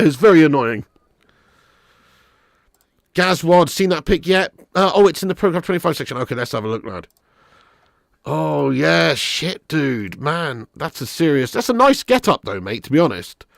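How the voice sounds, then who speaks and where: Man, live football watch-along host, animated and sweary, gravelly voice, dry close sound. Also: on the high side, dry recording. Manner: animated, swears, laughs often, reads chat.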